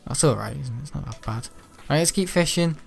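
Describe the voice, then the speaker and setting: A man's voice: mid-range voice, animated, fairly quick, creaky, faint music behind. A young man who is ill, chatting in a rambling way with many ums during gameplay commentary. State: ill, unwell. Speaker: gaming channel host.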